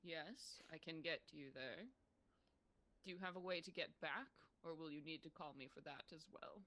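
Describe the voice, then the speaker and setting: A hushed, formal manservant, voiced by a woman. Bright and crisp in tone, courteous and unhurried, with a low-set voice for a woman. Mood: calm. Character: courtly male shadow servant who appears silently.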